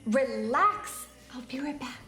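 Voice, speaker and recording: An actress playing a sensible, dry-witted wife in a horror comedy film, calm and matter-of-fact. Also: female voice, sits high, slow, exaggerated voice. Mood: wry.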